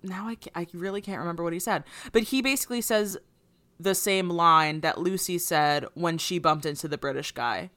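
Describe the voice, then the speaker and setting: A woman's voice: fairly low pitch, normal speed, a bit bright. A young woman co-hosting a podcast, casually recapping a movie plot with many fillers. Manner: rambling, filler-heavy retelling. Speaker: podcast co-host.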